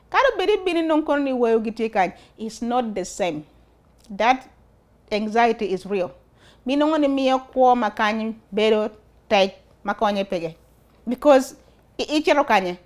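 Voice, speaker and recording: Woman, Acholi accent, fairly high voice, earnest talk-show host, asks viewers questions. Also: darkish tone. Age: adult, studied and worked before emigrating. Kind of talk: casual talk to camera.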